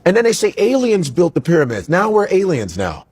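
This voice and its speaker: A man in casual conversation, telling stories animatedly and slipping into quick impressions. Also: high voice, slightly rough. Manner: animated storyteller who slips into impressions. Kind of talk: casual chat.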